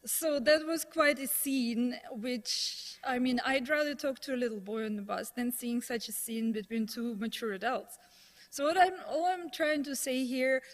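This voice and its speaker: A woman telling a story to a live audience in a conversational manner, with fillers and restarts. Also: fairly high pitch.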